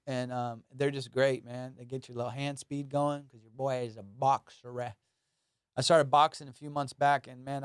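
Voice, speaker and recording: High on cannabis, a young man rambles from one thought to the next in loose, jokey chat on his own solo comedy podcast. His middle-pitched voice is smooth and resonant, recorded close and dry with no sense of a room.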